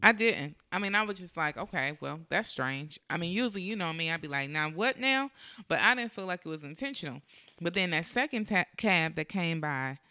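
A man with a fairly high, bright voice that has a gravelly edge, talking in a casual, teasing way. His speech is clear and smooth, and the recording sounds dry and close. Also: animated, brisk, no echo. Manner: chatty, recalls details, teasing. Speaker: podcast co-host. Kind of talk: casual storytelling chat.

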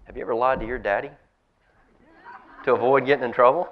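A man's voice: medium pitch, steady tone, fast talker, lo-fi sound. A man, a pastor, giving a children's talk in a church service, telling a story and asking the kids questions. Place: church sanctuary.

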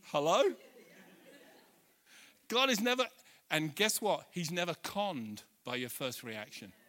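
A middle-aged pastor preaching in a church, with a high, bright voice. He tells stories with lively energy, dropping to soft asides and then climbing to loud, ringing emphasis. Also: takes it slowly. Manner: animated storyteller, swinging from soft asides to loud bursts. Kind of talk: sermon.

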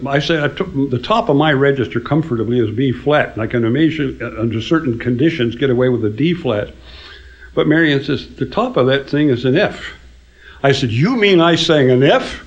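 Older man telling dry anecdotes. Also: medium pitch. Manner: dry storyteller, laughs at his own punchlines. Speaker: songwriter telling stories. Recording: dull lo-fi recording.

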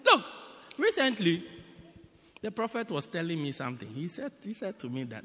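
A man preaching a sermon in a church, animated and emphatic, repeating phrases as he builds to loud bursts. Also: sits high, normal speed, pauses often, a little hiss or hum. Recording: long hall reverb.

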